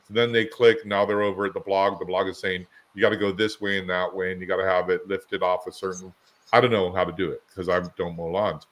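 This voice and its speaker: A man with a somewhat low voice co-hosting a podcast. He talks in a loose, rambling way, piling up anecdotes and everyday examples to make a point. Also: flat delivery, a little fast, a bit bright. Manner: rambling storyteller, chatty anecdotes. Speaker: podcast co-host. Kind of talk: casual conversational podcast.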